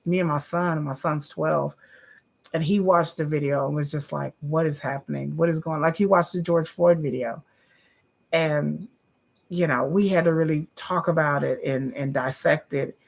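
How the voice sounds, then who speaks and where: Gravelly-voiced woman chatting to viewers. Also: low voice, a bit bright. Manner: chatty, addresses viewers as y'all. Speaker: livestream host. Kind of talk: casual livestream chat to viewers.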